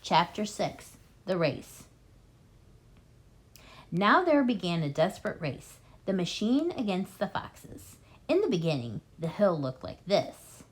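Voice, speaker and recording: Female reading tutor, animated children's audiobook narration. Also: fairly low pitch, takes it slowly. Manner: expressive, lively storytelling.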